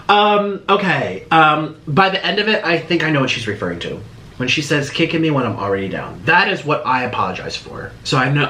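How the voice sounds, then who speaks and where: Reacting to a video, this man rambles through casual commentary, often starting sentences over and adding sarcastic remarks. His mid-range voice sounds pushed and bright, and the echoey room carries faint background noise.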